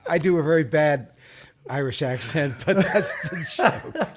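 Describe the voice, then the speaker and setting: A man co-hosting a casual chat show, telling jokes in an animated way and laughing as he goes. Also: a little high, a little slow, slight background noise. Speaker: co-host.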